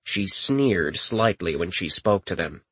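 A man narrating a fantasy story in a wry, expressive reading. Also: low voice, takes it slowly, slightly rough, dry recording. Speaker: audiobook narrator. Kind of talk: scripted narration.

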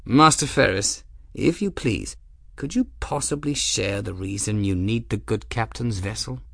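A man's voice: fairly low pitch, expressive, vocal fry, no echo, studio quality, exaggerated voice. A man doing a patient, dignified lord. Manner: measured, patient, quiet. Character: patient, dignified middle-aged male lord. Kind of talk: audiobook character voice.

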